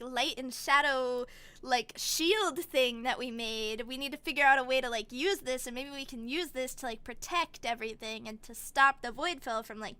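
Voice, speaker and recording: Bright, high-voiced young woman streamer. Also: clear, resonant tone, no echo. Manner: animated retelling with quick voices and giggles. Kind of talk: casual chat.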